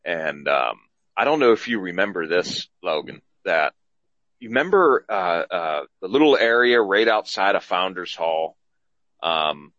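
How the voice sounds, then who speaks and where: A man's voice: low-pitched, sing-song, a little slow, a bit bright, dry recording, dull audio. A man hosting a casual podcast, rambling and repeating himself as he goes. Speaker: podcast host.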